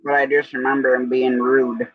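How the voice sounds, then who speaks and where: A man's voice: mid-range voice, level tone, normal speed. A man chatting easygoing and joking on a live stream. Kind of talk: casual chat on a live stream. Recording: slightly dull lo-fi audio.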